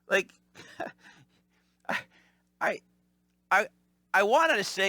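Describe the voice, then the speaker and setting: Male podcast host, rambling storyteller, lively pitch, bright tone, dry close sound. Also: drawn-out words, long pauses, dry recording. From Italian-American family. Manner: animated, rambling, mimics callers. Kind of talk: casual storytelling monologue.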